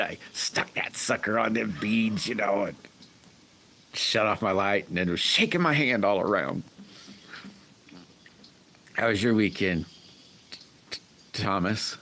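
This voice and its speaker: A man chats loosely on his livestream, wandering from story to story and calling out viewers by name. His voice sits very low, and a faint hum of room noise runs behind him. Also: fairly bright tone. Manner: rambling, folksy, greets chat by name. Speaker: livestream host chatting with viewers. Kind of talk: casual livestream chat.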